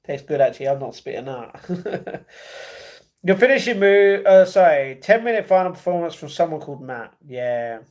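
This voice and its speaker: A man from the United Kingdom runs a relaxed livestream, voicing viewers' comments before replying, often with apologies. Recorded on wireless earbuds, he sounds a little high and darkish in tone, animated, at normal speed.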